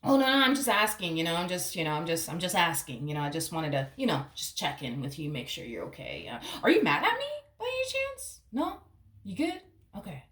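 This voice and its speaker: Brief: fretful, overly careful partner checking in, put on by a woman, pitched up and hesitant. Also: big pitch swings, fairly quick, a bit bright. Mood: anxious. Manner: fretful, overly cautious, stammering. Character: nervous anxious partner checking in, adult. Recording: echoey room.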